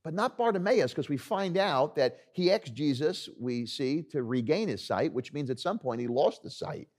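A man's voice: on the high side, expressive, normal speed, darkish tone. A male pastor preaching a sermon in an earnest, conversational, storytelling way.

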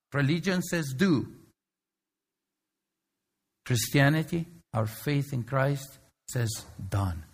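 A man's voice: medium pitch, breathy edge. A middle-aged man preaching a sermon in a conversational way, telling a story with many fillers and restarts. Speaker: pastor.

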